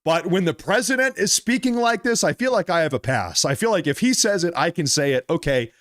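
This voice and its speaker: A man hosting a political commentary vlog, talking in a mocking, animated way and drawing out his emphasis. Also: on the high side, a little fast.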